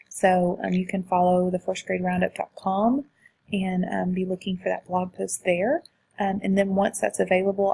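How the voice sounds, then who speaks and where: A woman's voice: mid-range voice, gravelly, darkish tone, husky, rough recording. A woman teacher walking through her lesson slides, explaining how she uses them, with frequent fillers. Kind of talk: screen-recorded teaching walkthrough.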